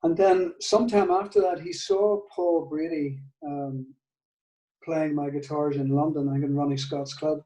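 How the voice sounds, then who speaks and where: Older Northern Irish man, mellow, echoey. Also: a little high, fairly even intonation, normal speed, far from the mic. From Northern Ireland. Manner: hesitant, many restarts and soft laughs. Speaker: guitar maker, guest. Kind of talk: casual storytelling interview.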